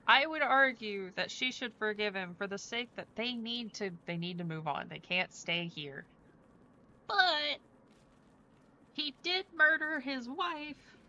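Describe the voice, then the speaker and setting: A woman's voice: mid-range voice, bright, forceful tone, highs cut off. Chatty, rambling woman streamer. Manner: rambling, chatty, with many fillers. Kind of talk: casual chat while playing a game.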